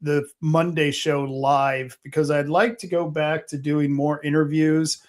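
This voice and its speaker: Halting, rambling male talk-show host. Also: on the high side, little pitch movement. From Oregon. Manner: rambling, halting with many fillers. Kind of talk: casual panel talk.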